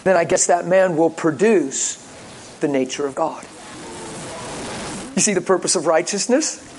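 A male pastor preaching with lively stories, joking and acting out the callers he talks about. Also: fairly high pitch, a little slow, slight background noise, poor audio. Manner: lively, jokey, acts out callers in voices. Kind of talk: sermon with storytelling.

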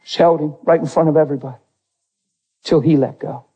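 A man preaching a personal testimony, acting out the dialogue, swinging from near shouts to hushed tones. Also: fairly high pitch, fairly even intonation, brisk, slightly rough, dull audio. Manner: acts out dialogue in his story. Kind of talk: testimony sermon.

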